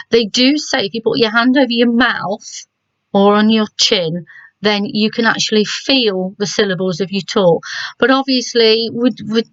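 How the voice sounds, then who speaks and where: A middle-aged woman with an English accent teaches children from home, patient and gentle as she sounds out words slowly. Her voice is mid-pitched and the recording is dry and somewhat dull. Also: no room sound. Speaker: primary school teacher. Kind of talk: remote lesson for children.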